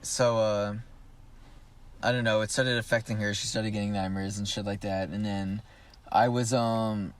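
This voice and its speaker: A man's voice: lowish voice, level tone, normal speed. Young adult male co-host, loose rambling storyteller, filler-heavy, profane. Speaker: podcast co-host. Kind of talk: casual storytelling among friends.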